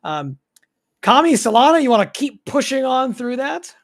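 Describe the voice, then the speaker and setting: A game master narrating a tabletop fantasy game in a measured, descriptive way, with frequent pauses. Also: high-pitched, sing-song. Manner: descriptive, measured, pausing often.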